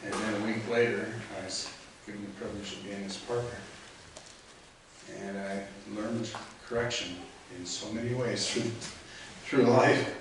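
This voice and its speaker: Older man, fairly low voice, fond storytelling eulogy, far from mic, echoey hall, background noise. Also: fairly even intonation, moderate pace. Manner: storytelling, fond, with light chuckles. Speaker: eulogy speaker. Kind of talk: eulogy remembrance. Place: funeral chapel.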